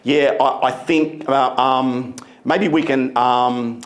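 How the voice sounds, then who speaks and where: A man's voice: mid-range voice, steady tone, natural voice. A man doing a nervous um-filled talker. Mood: halting. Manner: halting, full of ums and uhs.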